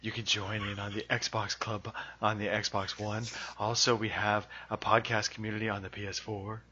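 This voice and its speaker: A man's voice: lowish voice, little pitch movement, normal speed, sharp tone, slightly rough. A man co-hosting a podcast, chatting casually with dry wisecracks. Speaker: podcast co-host. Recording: dull lo-fi sound.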